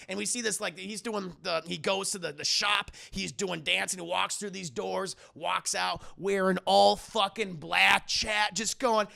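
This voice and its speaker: A man talking to his stream chat in a high, bright voice with a strong gravelly fry. He retells film scenes in a loose, profane, excitable way and acts out the characters' lines. He sits close to his microphone. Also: a little fast. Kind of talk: casual livestream commentary with chat. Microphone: close desk microphone.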